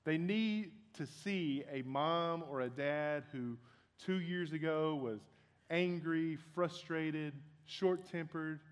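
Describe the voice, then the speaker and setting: A man's voice: a little high, slow pace, clean tone. A young man preaching a sermon as pastor, earnest and conversational, often restarting his sentences. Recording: long hall reverb.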